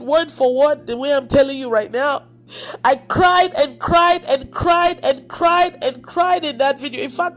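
A woman preacher giving an emotional testimony, acting out the dialogue as she tells it. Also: sits high. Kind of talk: testimony sermon.

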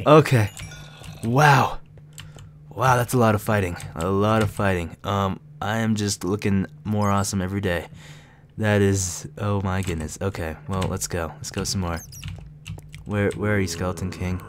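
A man's voice: lowish voice, normal speed, background noise. A man giving playful let's play commentary, giggling and chatting to the characters on screen. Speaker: gaming channel host.

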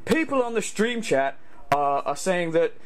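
A man's voice: high-pitched, big pitch swings, a little slow. A man playing a rambling male food-reviewer streamer, full of fillers and asides.

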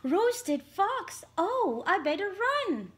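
A woman's voice: very high voice, sing-song, takes it slowly, a bit bright, voice pushed up, full character voice. A woman playing a sly hungry fox in a playful home skit with a small child. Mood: curious, alarmed.

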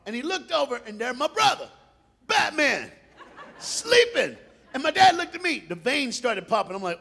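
A high-voiced preacher tells a comic story, his pitch swinging widely as he laughs along. His voice has a gravelly edge, and faint noise sits behind him. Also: moderate pace. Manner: animated, laughing, playful.

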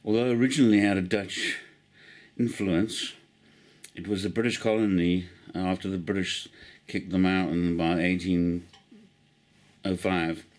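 A man's voice: low-pitched, steady tone, moderate pace, darkish tone. A middle-aged man from South Africa, chatting in a meandering, self-mocking way to a handheld camera. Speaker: vlogger. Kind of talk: rambling casual vlog. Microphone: handheld camera mic.

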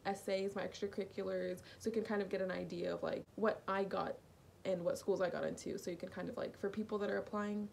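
A young woman from North Carolina chats straight to camera in a relaxed vlog. Her talk rambles and is full of "like" fillers, and her pitch sits in a middle range. A faint hiss of noise sits under the recording. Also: fast talker, vocal fry. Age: young adult. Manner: chatty, lots of "like" fillers. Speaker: vlogger. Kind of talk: casual vlog reaction.

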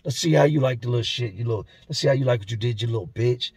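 A man's voice: mid-range voice, gravelly, darkish tone, breathy edge, no room sound. A man doing a snarling, menacing inmate. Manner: snarling, fast, threatening. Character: violent, menacing male inmate.

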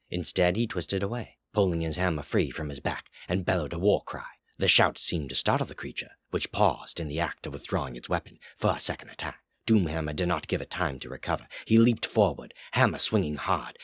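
A man narrating a fantasy story aloud in a slow, measured way. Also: extremely low pitch, slightly rough, no echo. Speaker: story reader. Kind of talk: audiobook narration.

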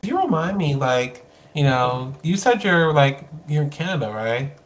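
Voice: mid-range voice, sing-song, unhurried. A podcast host interviewing a guest over a call, playful and effusive, cracking jokes and gushing.

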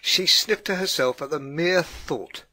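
A man giving a steady scripted audiobook narration. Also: a little high, unhurried, no room sound. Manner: steady storytelling read.

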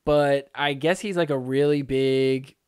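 A man's voice: mid-range voice, fairly even intonation, a little slow, a little mellow, clean tone. A man hosting a solo pickleball commentary podcast, talking casually and joking around. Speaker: podcast host.

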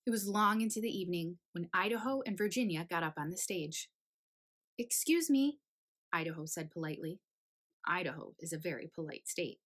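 A woman reading a children's picture book aloud, animated and playful, with hushed asides. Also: fairly low pitch, fairly quick, low-quality recording. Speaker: storybook reader.

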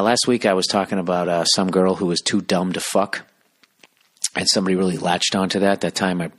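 A man with a very low voice rambles through a comic podcast monologue. He keeps his voice down to a near whisper and swears freely as he riffs. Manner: profane, hushed half-whisper. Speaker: podcast host.

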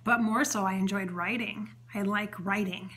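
A psychic medium host runs a spontaneous channeling session, rambling loosely with lots of "um," "you know," and restarts. Her bright, forward voice sits at medium pitch with fairly even intonation and normal speed, and she sounds earnest and heartfelt relaying what she says the spirit tells her.

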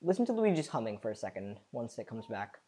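Excitable woman with a very low voice. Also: fast, a little hiss or hum. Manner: chatty, excitable, rambling. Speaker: let's play host. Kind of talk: gameplay commentary.

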